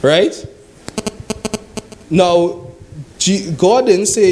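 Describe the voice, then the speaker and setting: A man's voice: a little high, lively intonation, a little slow, darkish tone, poor audio. A man preaching a sermon. He reads scripture aloud, then explains it in a conversational way, often asking "right?".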